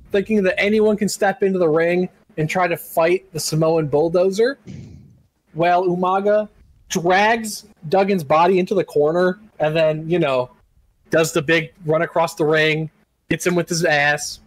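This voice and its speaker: High-voiced man recapping animatedly. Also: no room sound, low-quality recording. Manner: animated storyteller, laughs often, shouts impressions. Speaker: podcast co-host recapping wrestling. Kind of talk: casual podcast recap.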